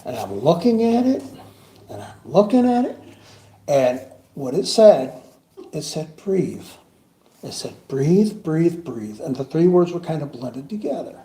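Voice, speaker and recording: A man's voice: on the high side, big pitch swings, moderate pace, mellow. A man telling laughing, jokey stories about a coworker at a funeral service. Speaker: coworker giving a eulogy. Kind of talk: storytelling eulogy at a funeral. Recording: roomy hall with clear background noise.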